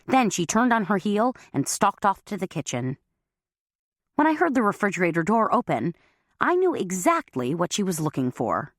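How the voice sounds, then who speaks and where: A woman's voice: mid-range voice, very animated, moderate pace, dry recording, studio quality. A woman reading a first-person audiobook, with a wry, self-mocking manner. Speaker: audiobook narrator.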